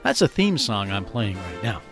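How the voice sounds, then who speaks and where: Male podcast host, playful explainer, expressive pitch, faint music bed. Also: normal speed. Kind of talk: scripted educational podcast.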